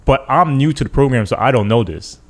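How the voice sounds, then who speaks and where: A man's voice: medium pitch, a little fast. A police sergeant, a man, tells a story in casual podcast talk, acting out the dialogue and often checking in with "right?". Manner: animated retelling, acts out quoted dialogue, keeps checking in with "right?".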